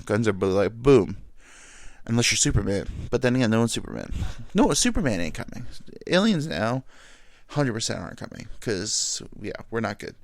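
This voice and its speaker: A man's voice: on the low side, dry recording, clean studio sound. A young man hosting a podcast, rambling in a casual, profane, self-deprecating monologue. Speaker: podcast host.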